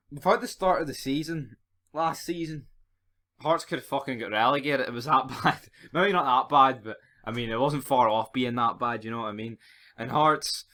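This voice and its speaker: A man's voice: mid-range voice, pushed and bright. A man with a Scottish accent giving a casual, sweary, rambling monologue of football predictions for his vlog. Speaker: football fan vlogger.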